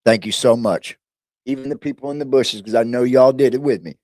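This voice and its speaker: A man's voice: mid-range voice, fairly quick, a little mellow, no echo, studio quality. A middle-aged man hosting a casual, profane livestream, brash and mocking, laughing often. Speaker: livestream host reacting to videos.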